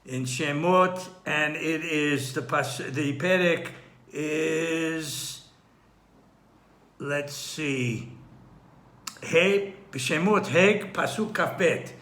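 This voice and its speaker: Bright-voiced man teaching Torah. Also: a little high, roomy sound. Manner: unhurried, thinking aloud with frequent restarts; clears his throat often. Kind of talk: Torah study lesson.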